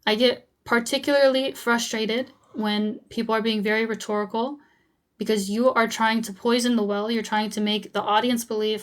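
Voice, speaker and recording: A woman's voice: mid-range voice, steady tone, brisk. A young woman hosting a live debate who talks over the other side with repeated short commands, then speaks frankly to her viewers. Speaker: host and debater.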